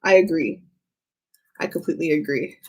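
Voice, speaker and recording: A woman's voice: low voice, moderate pace, heavy background noise. Chatty woman giving a tarot reading. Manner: chatty, laughs often, reads chat aloud. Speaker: tarot reader streamer. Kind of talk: live-stream tarot reading.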